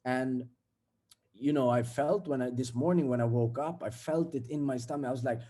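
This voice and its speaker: A man's voice: medium pitch, moderate pace, warm tone. A young man giving a casual, blunt motivational talk, swearing freely and acting out everyday scenes. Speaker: self-development vlogger.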